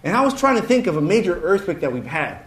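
A man's voice: high-pitched, fast talker. Chuckling man telling a story in a roomy space. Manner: animated, chuckling through his story. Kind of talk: casual anecdotal storytelling. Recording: roomy echo.

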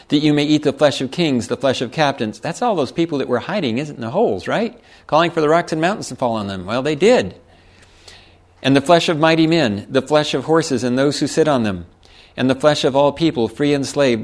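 Man preaching with folksy asides. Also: medium pitch. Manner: reads scripture then explains with folksy asides and chuckles. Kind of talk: sermon.

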